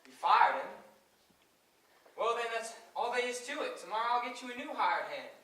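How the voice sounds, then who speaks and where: A man's voice: very high-pitched, very animated, moderate pace, bright, forceful tone, heavily acted. A man playing a cocky young cowboy on stage, with a teasing, playful country drawl. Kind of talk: amateur stage acting. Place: large theater stage. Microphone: distant audience camera. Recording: echoey hall, far from the mic, faint hiss.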